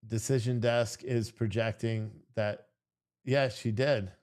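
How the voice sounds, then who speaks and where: A man's voice: mid-range voice, steady tone, measured pace, a little mellow. A man hosting a live stream late at night, tired out and rambling. He talks loosely and casually, with frequent swearing and restarts. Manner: rambling and profane.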